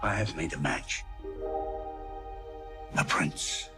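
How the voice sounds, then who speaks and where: Deep slow stern royal, film clip with loud score. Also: male voice, music in the background. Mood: commanding.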